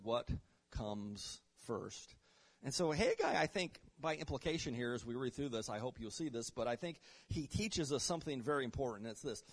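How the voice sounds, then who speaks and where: Male pastor, fairly high voice, preaching in sweeping dynamic swings. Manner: preacher with wide swings in pitch and loudness, reading scripture aloud; repeats and restarts words, asks congregation "right?" and "Amen?". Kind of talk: sermon.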